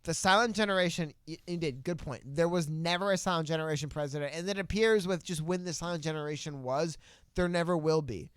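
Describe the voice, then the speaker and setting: A man's voice: fairly high pitch, fairly quick, a bit bright, smooth, no room sound. A man co-hosting a casual political podcast, talking in a loose, rambling way. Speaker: podcast co-host.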